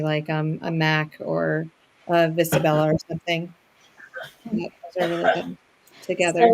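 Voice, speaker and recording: A co-host in relaxed chat who pauses often and fills the gaps with ums. The voice has a gravelly, creaky edge. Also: mid-range voice. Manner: halting, full of ums, relaxed. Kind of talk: casual chat.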